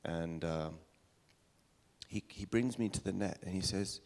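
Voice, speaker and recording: Male pastor, from England, British-American accent, low pitch, gravelly, sermon storytelling. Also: moderate pace, darkish tone. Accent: British with an American tinge. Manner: storytelling with restarts. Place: church service.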